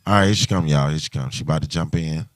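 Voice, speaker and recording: A man's voice: a bass voice, fast, dry recording. A man hosting a casual livestream chat, talking loosely and rambling with many restarts. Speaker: livestream host.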